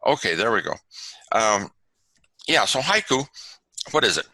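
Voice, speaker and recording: A man presenting a lesson over a video call, teaching from slides and pausing often with fillers and restarts. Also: lowish voice, sing-song, bright, forceful tone, no room sound, low-quality recording. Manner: halting, many fillers and restarts. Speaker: webinar presenter on haiku.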